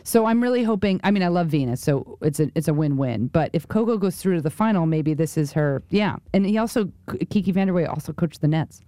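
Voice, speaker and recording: Woman co-host, chatty and animated storyteller, dry close sound. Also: lowish voice, no echo. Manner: animated storyteller, quick asides, repeats words. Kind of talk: casual chat.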